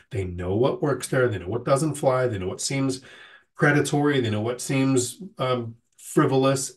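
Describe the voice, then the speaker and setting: The mic is distant from this lowish-voiced man, who is hosting a casual Q&A on a livestream. Getting over a cold leaves him a bit nasal as he reads questions from viewers and responds plainly and at length.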